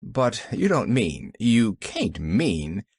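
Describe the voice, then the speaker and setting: A man voicing a curt, withdrawn older man who speaks slowly and shortly. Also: lowish voice, very animated, darkish tone, husky, full character voice. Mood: incredulous. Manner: slow, curt.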